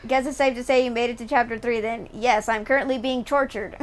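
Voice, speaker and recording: A woman's voice: on the high side, steady tone, brisk, a little hiss or hum. Giggly young woman streaming a game. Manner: giggly, chatty, reacts with bursts of laughter. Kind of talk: live gameplay commentary.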